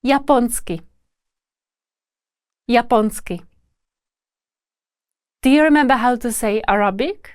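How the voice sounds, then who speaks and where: A woman language teacher who speaks slowly and carefully, saying each word twice in a lesson drill. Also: on the high side, clean tone, dry recording.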